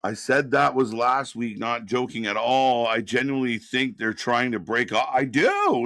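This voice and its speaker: A man hosting a live wrestling watch-party stream, ranting with exasperation and profanity, then answering chat messages more calmly. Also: mid-range voice, unhurried, few pauses, no room sound, studio quality. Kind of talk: live reaction commentary, reading chat.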